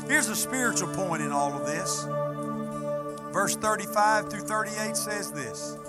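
A man preaching a sermon in a church, swinging from loud to hushed. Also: high voice, lively intonation, a little slow, over loud music. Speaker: pastor. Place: church sanctuary.

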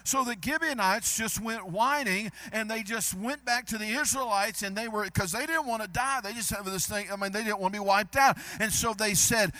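A man preaching a sermon, building to loud emphatic repetition. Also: sits high, moderate pace, hardly any pauses, dry recording. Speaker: pastor.

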